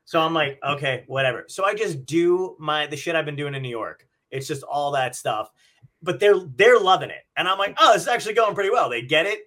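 A man's voice: on the high side, animated, moderate pace, a bit bright. A man hosting a podcast, telling a story in casual chat, swearing and acting out the people in it. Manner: swearing, storytelling, acts out quotes. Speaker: podcast host. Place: home.

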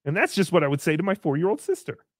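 A man's voice: on the high side, very animated, rapid-fire, no room sound, clean studio sound. A man voicing a brash, foul-mouthed puppet who hosts a live-stream show, reading paid messages with crude, sarcastic asides. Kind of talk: live-stream character chat.

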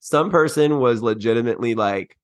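An excitable man tells gossip stories on a podcast at a middle pitch, often speeding up as he goes. He sounds casual and amused throughout. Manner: excitable storyteller, fast, animated. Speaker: podcast co-host. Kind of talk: casual chat.

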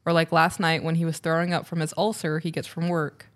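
Podcast co-host, woman, lower-pitched, reads letters aloud with animated, stumbling delivery. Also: brisk. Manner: animated, stumbles over words and laughs while reading. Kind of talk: casual podcast chat, reading listener letters.

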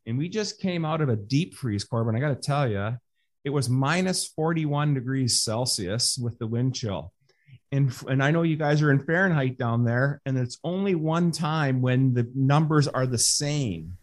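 Speaking at a normal speed in an expressive mid-range voice, a Canadian podcast host delivers his intro and interview. His tone is motivational, and he refers to listeners as brothers.

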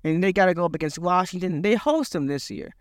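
A man's voice: sits high, animated, fast, clean tone. A man co-hosting a sports podcast in casual chat, hesitant and full of fillers, with breezy slang. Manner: hesitant, lots of uh and I don't know, breezy slang. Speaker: podcast co-host.

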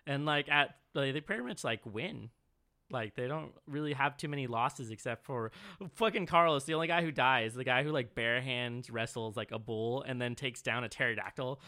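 A man's voice: medium pitch, normal speed, sharp tone. A man co-hosting a casual movie chat, swearing freely and laughing often. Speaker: podcast co-host.

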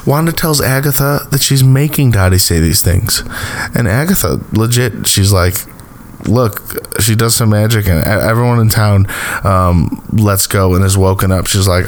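A man's voice: lowish voice, normal speed. A man casually recapping a TV episode, rambling with lots of fillers and small chuckles. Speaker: TV recap host.

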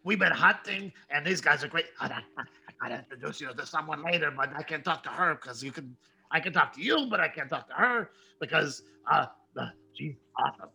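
A man voicing a giant, excitable male dire wolf who rambles and repeats himself in a tabletop game. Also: a little high, a little fast, vocal fry, exaggerated voice. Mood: joyful.

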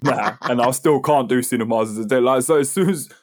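A man's voice: mid-range voice, brisk. A talkative man co-hosting a casual podcast, fidgety, swearing and laughing a lot. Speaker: podcast co-host. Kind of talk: casual chat. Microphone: desk mic, sometimes moving away.

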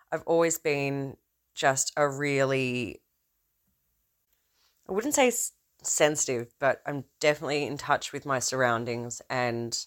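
A woman with a low, deep-set speaking voice, trained as an opera singer, rambles through a casual podcast monologue. Her tone is smooth and resonant. She restarts her sentences often and leans into theatrical emphasis. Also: fairly bright tone. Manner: rambling, self-interrupting, theatrical swings in emphasis. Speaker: podcast host.

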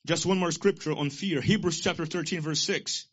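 A man's voice: on the high side, normal speed, slightly rough, muffled recording. A man preaching a sermon as pastor, exhorting his listeners and repeating key lines for them to say back.

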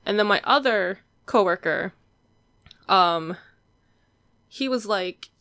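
A woman's voice: mid-range voice, animated, slow pace, long pauses, sharp tone, clear, resonant tone, no echo. A young adult woman chatting casually as a guest, telling stories with a laugh and acting out the voices of others. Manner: chatty storyteller, laughs often, acts out quoted voices. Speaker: guest collector. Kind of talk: casual chat.

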